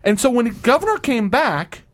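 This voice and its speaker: A man co-hosting a casual radio talk show, ranting in an animated way and leaping up in pitch when he mocks what people say. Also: normal speed, no room sound. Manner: animated, ranting, jumps up in pitch for mock quotes. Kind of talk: casual banter.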